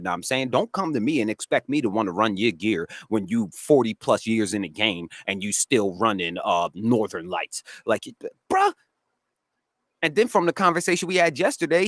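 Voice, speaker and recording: Raspy man with a New England accent. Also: mid-range voice, big pitch swings, moderate pace, fairly bright tone, no echo, clean studio sound. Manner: slangy, laid-back, laughs often. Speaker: cannabis grower and streamer. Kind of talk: casual live-stream chat. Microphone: dry close mic, studio.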